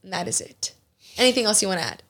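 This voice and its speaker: A young woman hosts a casual podcast conversation in a chatty, animated way. She slips into the voices of people in her stories and swears without a second thought. Her pitch sits in an ordinary middle range. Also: fast talker. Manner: animated storytelling, acts out quoted people. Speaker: podcast host.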